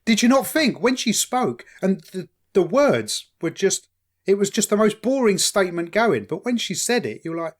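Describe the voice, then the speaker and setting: A man talks through a casual podcast episode, animated and quick to laugh. His voice sits a little higher than most men's, and he swears freely. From East London. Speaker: podcast co-host. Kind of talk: casual chat.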